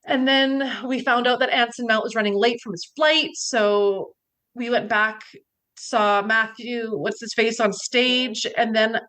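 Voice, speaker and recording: A young woman co-hosting a podcast, telling a story in animated casual chat, swearing freely and acting out what others said. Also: a little high, measured pace. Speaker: podcast co-host.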